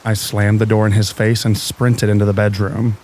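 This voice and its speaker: Male narrator, lower voice, calm and even, scary bedtime stories, soft rain hiss underneath. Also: normal speed.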